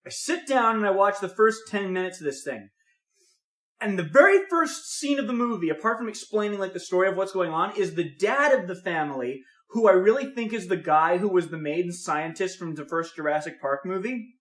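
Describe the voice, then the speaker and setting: A young man on a podcast, telling a long story in casual chat with lots of swearing, animated and acting out what people said. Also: sits high, brisk, roomy sound. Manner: profane, animated storytelling with voiced reactions. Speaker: podcast co-host.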